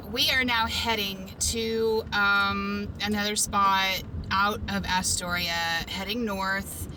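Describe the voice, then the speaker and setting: A woman talking casually in a van life vlog, thinking out loud and laughing often as she decides where to go next. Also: mid-range voice, background noise. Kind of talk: casual solo vlog chat. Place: inside a parked van or car.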